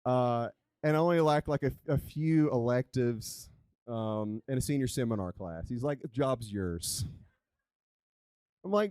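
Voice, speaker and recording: A man telling a live story on stage as a coach, animated and conversational. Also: medium pitch, a little slow, no echo. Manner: animated, conversational, chatty with "like" fillers. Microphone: handheld microphone.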